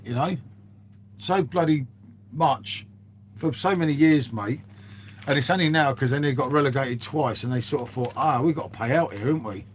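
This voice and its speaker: A man's voice: fairly high pitch, slight background noise. A man hosting a live stream, chatting casually to viewers and rambling from one thing to the next. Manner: rambling, calls everyone "mate". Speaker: livestream host.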